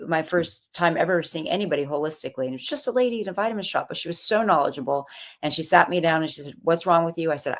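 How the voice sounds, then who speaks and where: Brief: woman guest, low voice, lively anecdote teller in an interview. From California. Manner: animated storyteller, acts out quoted voices. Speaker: author and guest. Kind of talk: casual interview storytelling.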